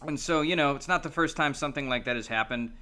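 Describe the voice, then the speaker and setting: Bright-voiced male podcast co-host. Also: medium pitch, fast. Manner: relaxed recapping with fillers. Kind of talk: casual chat.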